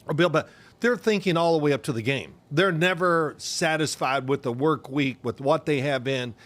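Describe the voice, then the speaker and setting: An older man co-hosting a casual sports podcast, an animated storyteller who acts out the voices of people he quotes. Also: fairly high pitch, moderate pace. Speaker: podcast co-host, former quarterback.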